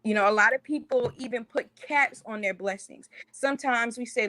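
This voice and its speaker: A woman guest on a call-in show, speaking in a calm, encouraging, motivational way. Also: a little high, moderate pace, dry recording. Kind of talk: motivational talk.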